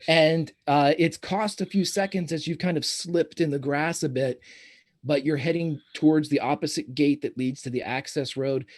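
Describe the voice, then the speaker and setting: A man running a tabletop role-playing game, describing scenes in a halting, descriptive way. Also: fairly high pitch, fairly even intonation. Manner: descriptive, halting narration with restarts. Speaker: game master.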